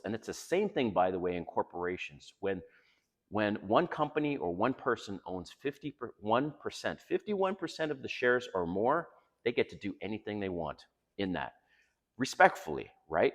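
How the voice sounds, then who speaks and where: A man's voice: lowish voice, very animated, normal speed. A middle-aged man giving dating advice to camera in a casual monologue, blunt, emphatic and profane as he lectures. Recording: long reverb in the room.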